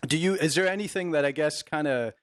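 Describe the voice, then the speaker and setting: A male podcast host eggs on his guest, laughs easily and asks long, rambling questions. His voice sits a little higher than most men's, and the sound is close and dry. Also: fast talker, a bit bright, dry recording. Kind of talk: casual podcast chat.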